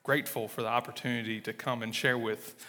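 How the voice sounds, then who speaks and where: A man's voice: medium pitch, fairly even intonation, fairly quick, bright, forceful tone. Folksy Mississippi man preaching in a reverberant hall. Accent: Southern US, Mississippi. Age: 30s. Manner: folksy, self-deprecating, many fillers. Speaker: church planter, guest speaker. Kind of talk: sermon with personal testimony. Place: church sanctuary. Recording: long reverb of a large hall.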